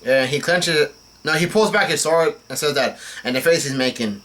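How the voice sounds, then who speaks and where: A man reading a comic chapter aloud for his channel, halting and tripping over names as he goes. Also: fairly high pitch, fairly bright tone. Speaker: manga reaction channel host.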